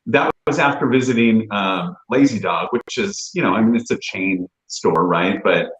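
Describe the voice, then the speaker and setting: A man co-hosting a casual livestream, telling rambling, animated stories. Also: fairly low pitch, moderate pace, reverberant, poor audio. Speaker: real estate agent and livestream co-host.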